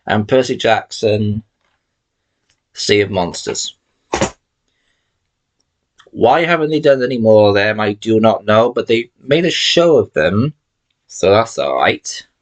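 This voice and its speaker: A man's voice: on the low side, expressive, slow pace, pauses often. A man chatting casually to camera as a video host, rambling with emphatic opinions. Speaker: channel host showing his film collection. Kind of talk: casual vlog talk to camera.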